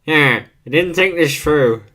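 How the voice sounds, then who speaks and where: A man thinking aloud in a halting, musing way as he rolls dice and invents characters for a video. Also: a little high, expressive, sharp tone. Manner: musing, halting, self-correcting. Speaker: video creator.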